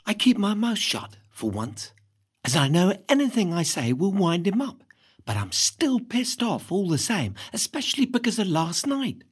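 Brief: woman narrator, husky, swooping lively pitch, wry first-person reading. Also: moderate pace. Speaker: reader.

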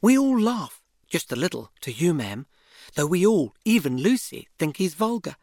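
Brief: woman narrator, husky, swooping lively pitch, wry first-person reading. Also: normal speed. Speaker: reader.

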